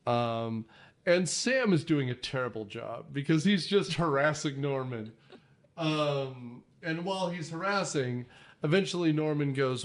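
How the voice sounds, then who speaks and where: A man hosting a casual movie podcast, animated and jokey, with frequent swearing and asides. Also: fairly high pitch, a little slow. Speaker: podcast host.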